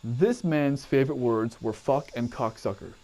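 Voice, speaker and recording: A man's voice: medium pitch, moderate pace, darkish tone. A man casually recounting his army training days, swearing freely and wandering off on tangents. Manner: profane, digressive, rambling. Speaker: army veteran telling training stories. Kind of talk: casual storytelling to camera.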